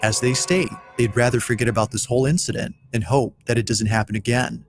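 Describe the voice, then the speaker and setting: A man narrating a compilation of scary videos in a steady, measured, scripted storytelling voice. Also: medium pitch. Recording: faint music underneath.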